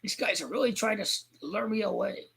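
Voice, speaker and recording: A woman vlogger ranting crudely about football, rambling and heated, with sudden shouting outbursts. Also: mid-range voice, brisk, gravelly, slightly rough. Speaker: sports fan vlogger. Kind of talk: profane football rant.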